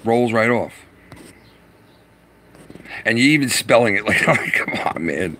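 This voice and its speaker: A man chatting loosely with viewers on a live stream from his garage, excitable and profane, laughing often and stumbling over words. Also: medium pitch, slow pace, a little hiss or hum. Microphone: phone.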